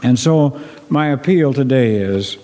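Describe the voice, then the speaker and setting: A man preaching a sermon to his congregation, earnest and repetitive, often clearing his throat. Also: mid-range voice, lively intonation, unhurried, mellow. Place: church sanctuary. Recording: long reverb of a church hall.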